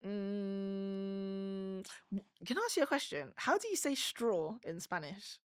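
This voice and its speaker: A woman from Colombia hosting a casual podcast chat, animated and laughing, getting loud when worked up. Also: medium pitch, slow, clean tone, no echo, studio quality. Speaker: podcast host.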